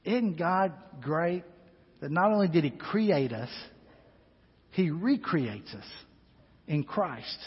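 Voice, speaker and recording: A man preaching a sermon in a church, telling a personal story and swinging between hushed asides and loud, rising exhortation. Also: on the high side, big pitch swings, slow, long pauses, husky. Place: church sanctuary. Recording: long hall reverb, dull lo-fi sound.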